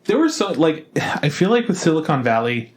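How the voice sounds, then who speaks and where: A man co-hosting a podcast in casual chat, chiming in with quick reactions and laughs. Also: fairly high pitch, sing-song. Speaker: podcast co-host.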